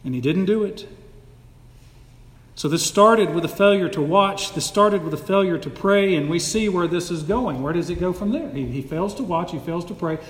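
Pastor guy preaching hard, fairly high voice, echoey church room. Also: fairly quick, hardly any pauses. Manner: emphatic preaching, animated, dramatic quotes. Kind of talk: sermon. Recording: echoey hall with long reverb.

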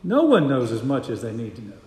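A man's voice: mid-range voice, wildly swooping pitch, fairly quick, a little mellow. A man preaching a sermon as a pastor, emphatic and repeating his key phrases for weight. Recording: echoey hall.

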